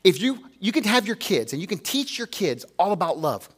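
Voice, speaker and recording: Pastor, male, high-pitched, earnest, conversational sermon with rhetorical questions. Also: sing-song, fairly quick, husky.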